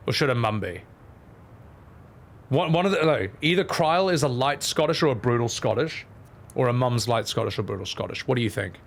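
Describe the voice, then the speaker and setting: A man's voice: medium pitch, a bit bright. A man streaming and joking casually with his chat. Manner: joking, chatty, talks to chat.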